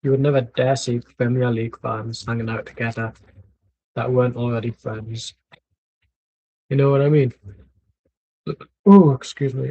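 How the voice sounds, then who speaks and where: Guy for a match watchalong, mellow husky voice, rambling, blunt, sweary. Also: medium pitch, steady tone, moderate pace, long pauses, poor audio. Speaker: watchalong streamer. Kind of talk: casual live match commentary. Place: at home.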